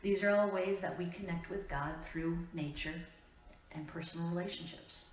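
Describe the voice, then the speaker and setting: A woman minister gives a sermon in a church sanctuary, speaking with an Upper Midwest American accent in a voice a bit low for a woman. She is earnest and unhurried, pausing on purpose between phrases, and her voice reaches a distant mic through the room's echo.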